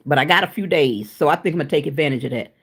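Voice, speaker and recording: Woman, low voice, streaming host, frank chatty delivery, tired and winded. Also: creaky, slightly rough. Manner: chatty, frank, addresses viewers as y'all. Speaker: cooking channel livestream host. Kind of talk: casual chat with viewers.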